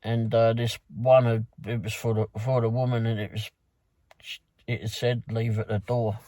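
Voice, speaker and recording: A man with a London accent talks through his shift as a delivery driver, wandering from one detail to the next with plenty of fillers. His voice is mellow and mid-pitched. The sound is dry and close, with no room around it. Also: level tone, moderate pace, no room sound. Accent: London English. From London, England. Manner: rambling, loose storytelling with many fillers and restarts. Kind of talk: casual recap of a work night.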